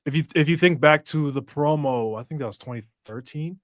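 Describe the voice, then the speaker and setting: Eager wrestling fan on a podcast, dry sound. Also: male voice, a little high, dry recording. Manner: enthusiastic fan, quick reactions. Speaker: podcast co-host. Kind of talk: casual wrestling chat.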